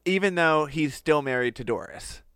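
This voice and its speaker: A man's voice: a little high, lively intonation, normal speed, a bit bright, clear, resonant tone, no echo. A male podcast co-host casually telling a story, often laughing as he talks.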